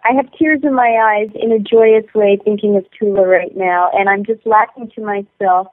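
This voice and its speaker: A woman guest calling in to a talk show, speaking in a tender, heartfelt, gently halting way. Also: mid-range voice, dry recording. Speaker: guest caller. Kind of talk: heartfelt radio call-in talk. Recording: tinny phone line.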